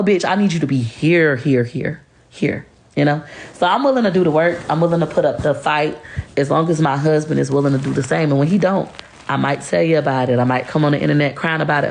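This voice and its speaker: A woman's voice: deep voice, gravelly, darkish tone, a little hiss or hum. A woman speaking bluntly and heatedly to camera, cursing freely. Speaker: social media creator talking about her marriage. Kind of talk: candid monologue to camera.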